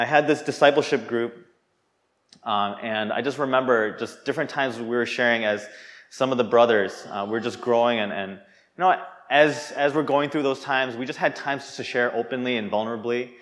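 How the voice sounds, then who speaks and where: A man's voice: medium pitch, normal speed, fairly bright tone. Earnest young man preaching a sermon. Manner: earnest, conversational with many restarts.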